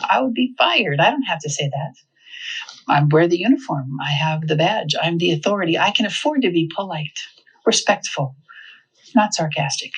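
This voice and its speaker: Woman, husky voice, animated seminar speaker, funny storytelling. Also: on the low side, normal speed, low-quality recording. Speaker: parenting speaker. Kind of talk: live seminar talk.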